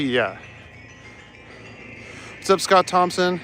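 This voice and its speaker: A man's voice: sits high, sing-song, extremely slow, pauses often, fairly bright tone, slight background noise. A young man in casual chat as a live streamer, walking outdoors through city streets and chuckling as he answers his chat. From Canada. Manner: laid-back, chuckles often, reads out chat.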